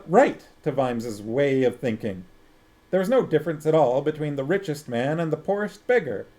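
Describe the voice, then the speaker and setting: Male streamer-reader, expressive storybook narration, lively and slightly high. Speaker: streamer reading a novel aloud. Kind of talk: audiobook-style narration and chat.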